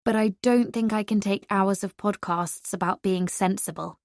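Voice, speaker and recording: A sharp-tongued young woman teases her rival in this audiobook, voiced by the narrator. Her deadpan jabs sit a little higher and brighter than the telling around them. The recording is dry and close. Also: no room sound, close to an everyday voice. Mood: teasing. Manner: teasing, deadpan, quick comebacks. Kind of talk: audiobook character voice.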